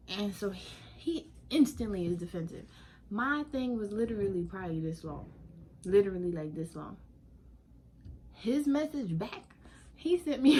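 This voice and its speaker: A woman telling a casual storytime vlog, animated and sassy, laughing often. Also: on the high side, a little hiss or hum. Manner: animated, sassy, laughing often, African American Vernacular English slang.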